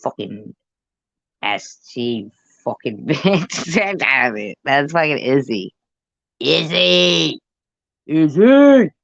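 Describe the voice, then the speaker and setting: A woman's voice: extremely low pitch, animated, slow, fairly bright tone, dry recording. A middle-aged woman giving casual reaction commentary in a profane, joking, rambling way. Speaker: video commentator. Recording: dull lo-fi sound.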